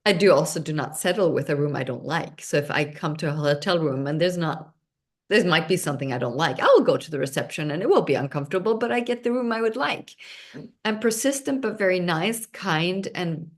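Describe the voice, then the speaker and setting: Hosting an online seminar, a woman with a deep voice speaks fairly quickly in a lively, bubbly, intense way. English is her second language; her first is Swedish.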